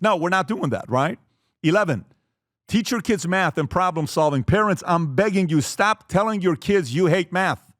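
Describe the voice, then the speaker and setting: A man's voice: sits high, fairly bright tone, dry recording, clean studio sound. Blunt, emphatic man giving a talk. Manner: emphatic, blunt, acts out family dialogues. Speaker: speaker teaching fathers. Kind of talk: motivational webinar talk.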